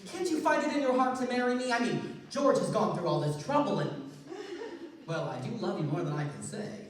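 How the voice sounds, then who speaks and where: A woman's voice: mid-range voice, lively intonation, brisk, slight background noise, close to an everyday voice. A woman playing an earnest, naive, lovesick young groom, pleading, recorded from far off in an echoey theater. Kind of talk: stage musical acting.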